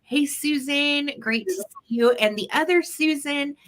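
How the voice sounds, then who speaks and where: Brief: woman host, higher pitched, bright tone, chatty, greets each viewer in turn on a home live stream. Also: measured pace. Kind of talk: casual live-stream chat. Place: upstairs at home.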